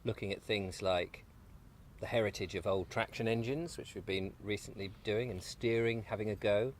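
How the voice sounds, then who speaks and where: Over breakfast out on an allotment, a guest who is a video maker chats in a loose, jokey way, at times with food in his mouth. His voice is on the low side at a normal speed, with slight background noise.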